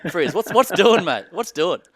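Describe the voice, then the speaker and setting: An Australian man hosting a live rugby watch-along podcast, brisk and upbeat, keeps throwing questions to his co-hosts and guests. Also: sits high, very animated, a bit bright, breathy edge, dry recording. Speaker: podcast host.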